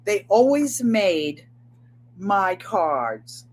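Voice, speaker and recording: Older woman, crafts channel host, slow and rambling casual chat, breathy voice. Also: mid-range voice, big pitch swings, a little mellow. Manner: rambling and chatty, repeats phrases.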